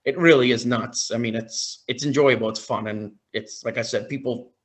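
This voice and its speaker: A man on a podcast as a guest, telling a story in a casual, excited way, often quoting his own reactions. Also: mid-range voice, normal speed. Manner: excited, retelling with quoted reactions.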